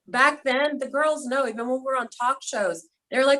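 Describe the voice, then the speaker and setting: A woman's voice: high voice, moderate pace, a bit bright, low-quality recording. A woman hosting a cast reunion over a video call, telling stories in a casual, heartfelt way and getting emotional. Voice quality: quadriplegic speaker talking from a seated video call.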